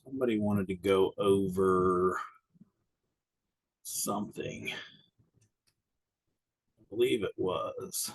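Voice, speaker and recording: Middle-aged guy, kinda husky and low, a bit out of breath, rambly self-deprecating livestream teacher at his desk mic. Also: slow pace, long pauses, poor audio. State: a little winded. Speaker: insurance exam instructor.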